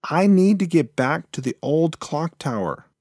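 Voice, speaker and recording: A man's voice: a little high, lively intonation, unhurried, a little mellow, dry recording, clean studio sound, pitched above the performer's own voice. A man voicing a small, anxious young male mouse who speaks eagerly and politely. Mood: pleading. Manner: eager, pleading.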